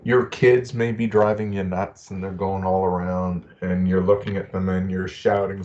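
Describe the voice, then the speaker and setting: A man's voice: sits low, level tone, normal speed, few pauses, darkish tone, dull audio. A middle-aged man giving a webinar talk, earnest and personal, telling stories from his own life. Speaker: presenter. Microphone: video call.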